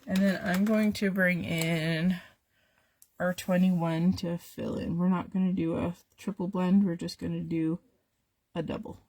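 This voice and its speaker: A woman hosts a live craft demonstration while she is losing her voice. She talks to her viewers in a slow, relaxed way, with a slightly low, gravelly tone. She chats with them as she works. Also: dry recording.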